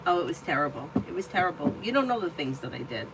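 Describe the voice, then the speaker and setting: A woman's voice: low-pitched, sing-song, fast, heavy background noise. A woman hosting a live tarot stream who chats casually and tells personal stories bluntly, swearing freely. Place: indoor room at home.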